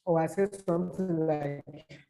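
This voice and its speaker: Halting man teaching. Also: on the high side, fairly even intonation, creaky, dark tone, soft background music. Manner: repetitive, halting, gives spoken examples. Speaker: social media marketing teacher. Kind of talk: explaining to a small audience.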